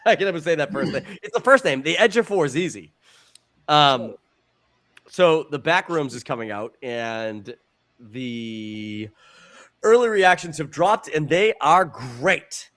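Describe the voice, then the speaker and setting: Swearing New guy, high-ish voice. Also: measured pace. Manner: profane, animated storyteller who repeats words. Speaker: podcast co-host. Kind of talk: casual podcast chat.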